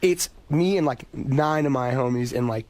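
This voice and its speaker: A man's voice: mid-range voice, moderate pace, a little mellow. A man telling a long, profane anecdote as a talk-show guest. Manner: profane, rambling storyteller.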